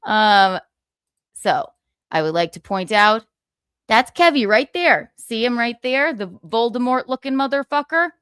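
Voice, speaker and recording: Profane, animated woman livestream host. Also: a little high, measured pace, clean tone, no room sound, clean studio sound. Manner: profane, indignant and mocking, laughing often. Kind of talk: casual ranting livestream chat.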